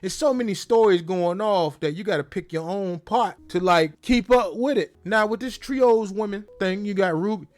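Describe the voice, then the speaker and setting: A young man hosting a casual, jokey wrestling recap in slangy, animated talk. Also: high-pitched, moderate pace, few pauses. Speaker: host.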